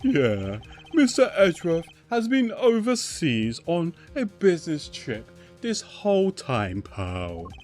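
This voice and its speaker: A man voicing a gruff adult male detective in a game, drawling and calling people pal. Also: a little high, huge pitch swings, slow, darkish tone, soft background music, pitched above the performer's own voice, full character voice.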